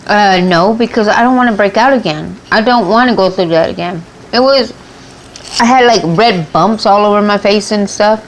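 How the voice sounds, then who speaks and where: A woman's voice: mid-range voice, moderate pace, slight background noise, low-quality recording. A woman hosting a mukbang eating show, chatting and rambling casually between bites, with a runny nose. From United States. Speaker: mukbang vlogger.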